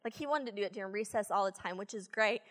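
A woman preaching a sermon, telling a story from her teaching days in an animated, chatty way with many fillers. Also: medium pitch, fast, big-room sound. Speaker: church speaker, former teacher.

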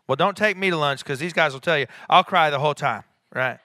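Bright-voiced pastor preaching with emphatic swells. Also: male voice, fairly high pitch, dry recording. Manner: conversational, with quick asides and rising emphatic peaks. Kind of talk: sermon.

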